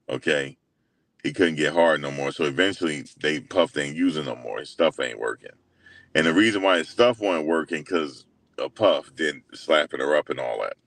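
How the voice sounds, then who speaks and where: A young man hosting his own channel, retelling a story in a loose, slangy way full of fillers, animated and incredulous as he quotes others. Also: rumbling low, no echo. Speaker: host. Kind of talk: casual storytelling recap.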